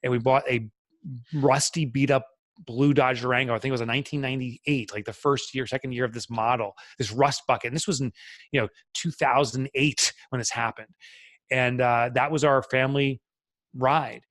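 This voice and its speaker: Man, middle-aged, podcast guest, candid storytelling, earnest, reflective, medium pitch, dry recording. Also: steady tone, normal speed, a bit bright, no echo. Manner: earnest and reflective, with many fillers.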